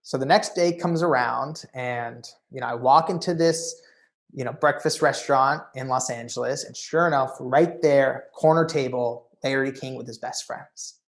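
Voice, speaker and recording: A man with a mid-range voice tells a story as a keynote speaker. His delivery is animated and conversational. He keeps leaning on "you know" as he builds the tale. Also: medium pitch, normal speed. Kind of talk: storytelling talk.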